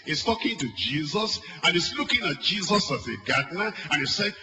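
A man preaching a sermon, repeating phrases and swinging between loud and soft. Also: on the high side, animated, moderate pace, hardly any pauses, soft background music, low-quality recording.

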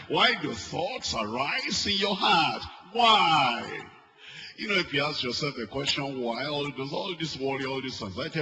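A man preaching a sermon, repeating phrases and swinging between loud and soft. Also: fairly high pitch, poor audio.

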